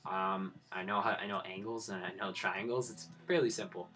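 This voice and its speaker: A young man in his twenties streams his crypto trading in a bright, forceful voice, blunt and sprinkled with swearing. He lectures his viewers in loose live commentary, with faint music playing underneath. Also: low voice, steady tone, normal speed. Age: 20s.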